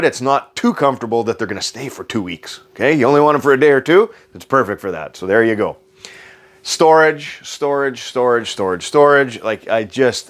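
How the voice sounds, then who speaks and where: A man's voice: mid-range voice, animated, brisk. Enthusiastic salesman, joking. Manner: enthusiastic, joking, repeats selling points. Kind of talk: casual sales walkthrough. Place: inside a travel trailer.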